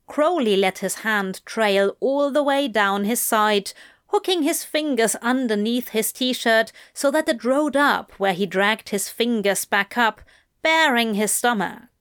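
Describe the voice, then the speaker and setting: A woman slowly reading a romantic story aloud in an intimate tone. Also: on the high side, a bit bright, clear, resonant tone. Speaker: reader. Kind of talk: reading fan fiction aloud.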